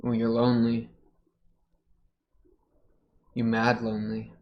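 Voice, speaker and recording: A man's voice: medium pitch, monotone, slow, lo-fi sound. A young man hosting an anime reaction video, talking casually and joking in muttered asides as he watches.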